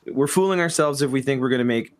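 Male podcast host, medium pitch, enthusiastic, circles around his point. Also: fast. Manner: earnest, rambling, many restarts. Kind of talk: casual interview chat.

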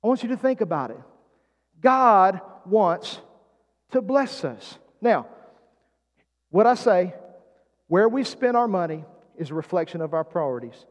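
A male pastor with a high voice and big pitch swings preaches a little slowly, pausing often. He draws in the congregation with call-and-response prompts and questions, and a long hall reverb surrounds him.

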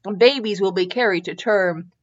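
A woman voicing a calm, grave old male wizard headmaster who speaks in a slow, measured way. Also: mid-range voice, lo-fi sound, natural voice.

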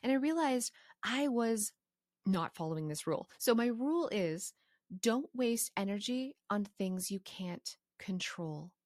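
A passionate woman from Canada talks through her personal rules with animated energy and quick asides. Her voice sits in a middle register and is recorded close and dry, with no room sound. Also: medium pitch, no echo. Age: adult with a young son. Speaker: organizing course creator. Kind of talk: casual advice monologue.

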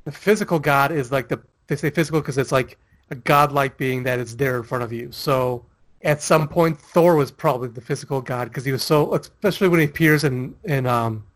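A man's voice: medium pitch, a little fast, no room sound. A man co-hosting a casual chat, rambling with lots of fillers and laughing often. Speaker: podcast co-host.

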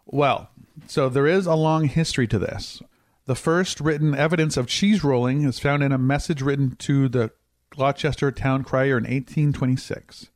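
A man in a laid-back podcast conversation, mid-pitched and easygoing. He keeps slipping puns into his explanations and chuckles at his own jokes. The sound is dry, with no room echo. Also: normal speed. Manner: joking, cheese puns, laughs easily. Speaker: podcast host. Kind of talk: casual podcast chat.

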